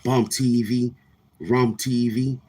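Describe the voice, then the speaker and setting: A man's voice: mid-range voice, level tone, slow pace, warm tone, husky. A man hosting his own online morning show, boasting and trash-talking rivals in a brash, repetitive rant. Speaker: YouTube show host.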